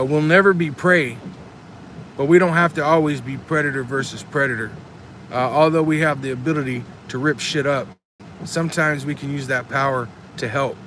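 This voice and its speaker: A man's voice: medium pitch, fairly bright tone, a little hiss or hum. A man chatting casually on a live stream, earnest and rambling, reading chat comments aloud. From Texas.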